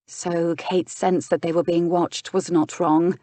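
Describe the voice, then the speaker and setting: A woman reads a novel aloud in an even, steady manner. Her voice sits low and the recording is close and dry, with no room sound. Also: unhurried, few pauses, dry recording. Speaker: audiobook narrator. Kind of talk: scripted narration.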